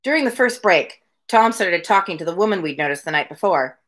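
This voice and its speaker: A woman reading a novel aloud from her home on a daily livestream, her voice pitched slightly low. She moves between the narration and casual, chatty asides addressed to her viewers. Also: animated, brisk, fairly bright tone. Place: home room with window blinds.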